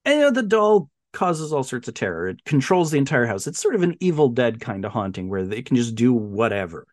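A man with a very lively, swooping pitch chats about movies in a casual podcast. He retells the plots with animated storytelling and throws in quick silly character voices. His voice sits dry and close, with little room sound. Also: dry recording. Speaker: podcast co-host. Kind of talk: casual film chat.

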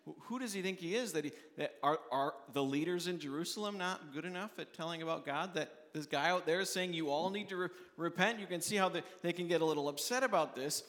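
A man's voice: fast talker, hardly any pauses, fairly bright tone, long reverb tail. A man preaching a sermon as pastor, earnest and conversational, often restarting his phrases. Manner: earnest, restarts often, voices quoted questioners in a raised pitch.

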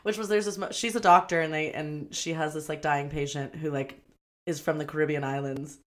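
Low-voiced woman chatting on a podcast. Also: fairly even intonation. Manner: chatty, rambling, quick to laugh and act out quotes. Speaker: podcast co-host. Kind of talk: casual movie review chat.

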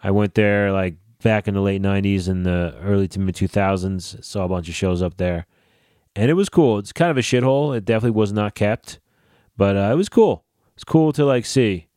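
Cursing, animated podcast host man. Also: fairly low pitch, fairly quick, clear, resonant tone, no echo, studio quality. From New Jersey / New York area. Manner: profane, animated ranting. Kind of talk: casual solo podcast talk.

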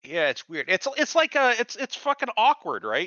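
A man talks casually as a podcast co-host, his pitch swinging wide as he riffs and swears through mocking asides. His voice sounds bright and forward. The sound is dry and a little dull, like a lo-fi recording. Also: fast, few pauses, no echo. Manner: profane, animated, mocking asides. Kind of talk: casual chat reviewing a TV episode.

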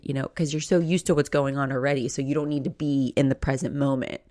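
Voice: medium pitch, fairly even intonation, fairly quick, few pauses, a little mellow, no room sound, clean studio sound. A podcast host explaining casually in loose, chatty talk, swearing freely and acting out inner voices.

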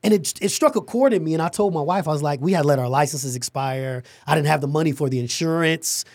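A middle-aged man, a podcast guest, telling an animated story about starting his company and acting out the dialogue. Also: on the high side, fast talker, no echo.

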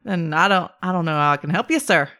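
A woman's voice: fairly low pitch, lively intonation, fast talker, pushed and bright, no echo, clean studio sound. A woman voicing a small, guarded female gnome in an attempted Boston accent.

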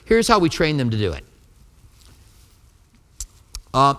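Preaching as pastor in a church sanctuary, a man tells stories conversationally and acts out the dialogue. His voice is high-ish, bright, and forceful, fast with few pauses and lively intonation. Long hall reverb fills the recording.

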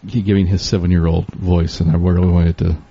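A man's voice: low voice, little pitch movement, brisk, gravelly, dark tone, slightly rough. A man hosting a podcast, affirming guests with short replies and laughing easily. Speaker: podcast host. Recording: dull lo-fi audio.

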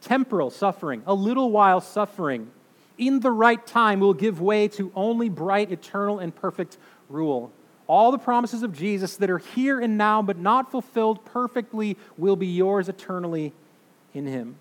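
A man in his thirties or forties preaching a sermon, emphatic, swinging between loud declarations and hushed, slow phrases. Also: high-pitched, lively intonation. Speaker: pastor. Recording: long reverb of a large hall.

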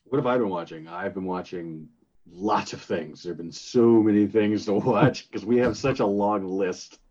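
A man's voice: fairly low pitch, normal speed, a little mellow, lo-fi sound. A man co-hosting a podcast, rambling through casual chat with a lot of hesitation and fillers. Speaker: co-host.

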